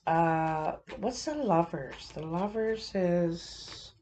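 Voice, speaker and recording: A woman giving a casual tarot reading, thinking aloud in a halting, musing way with many fillers. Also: on the low side, a little mellow, slight background noise. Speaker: tarot reader.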